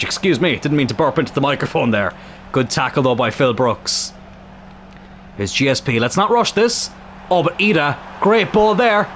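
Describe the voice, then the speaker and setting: A young man with a sore throat commentating on his football video game, calm between plays and shouting and swearing at goals. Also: medium pitch, a little hiss or hum. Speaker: gaming YouTuber.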